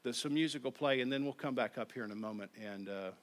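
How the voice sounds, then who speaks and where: A man preaching a sermon in a church, moving between quiet, intimate lines and emphatic ones, and inviting the congregation to respond. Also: mid-range voice, fast talker, a little hiss or hum. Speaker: pastor. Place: church sanctuary.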